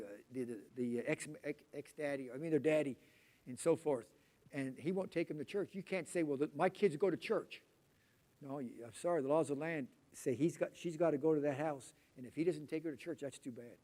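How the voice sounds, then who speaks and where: A man's voice: on the high side, warm tone. Chatty middle-aged male preacher, rambling sermon. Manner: conversational, rambling, acts out quoted voices. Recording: poor volume quality.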